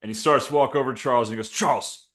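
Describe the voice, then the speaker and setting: A man's voice: mid-range voice, racing. A man co-hosting a comedy sports podcast, laying out absurd sketch ideas with crude humor. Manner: deadpan setups for absurd sketch bits, crude and joking. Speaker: podcast co-host. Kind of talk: casual comedic chat.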